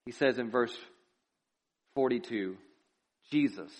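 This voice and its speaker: A male pastor preaching a sermon in a church, swinging between loud, impassioned lines and hushed, quiet ones. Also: mid-range voice, normal speed, dull audio.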